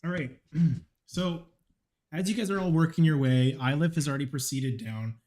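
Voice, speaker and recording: A man's voice: a little high, normal speed, a little mellow. A man narrating as game master in a tabletop game, casual and hesitant with many ums.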